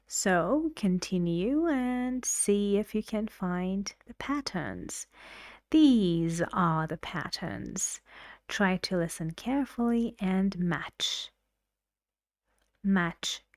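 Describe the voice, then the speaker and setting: A woman's voice: mid-range voice, darkish tone, dry recording, clean studio sound. A woman teaching English pronunciation, patiently giving instructions and drilling syllables aloud. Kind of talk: slow, careful classroom instruction.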